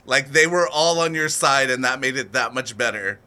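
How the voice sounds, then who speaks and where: A co-host reacting to a story with teasing comments and laughter. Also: female voice, a bass voice, normal speed, bright, forceful tone. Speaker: podcast co-host. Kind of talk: casual chat.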